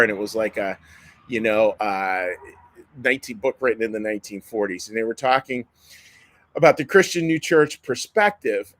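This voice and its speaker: A man's voice: medium pitch, a bit bright, low-quality recording. A man in his fifties giving a sermon as a pastor, in a folksy manner with frequent restarts and repeated words. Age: 50s.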